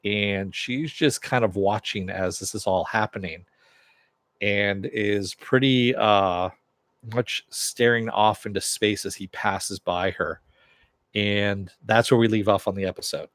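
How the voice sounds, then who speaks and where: A man's voice: on the low side, steady tone, a little slow, a bit bright, no room sound, studio quality. A man casually recapping a TV episode in a chatty way, chuckling and acting out characters' lines in a raised voice. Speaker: TV episode reviewer.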